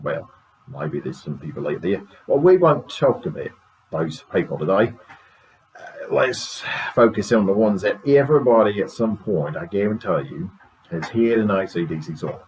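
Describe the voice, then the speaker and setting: A man voicing a relaxed, rambling radio guest. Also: moderate pace, poor audio. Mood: easygoing. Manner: relaxed, rambling, low-key. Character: laid-back Australian man, chatty radio guest.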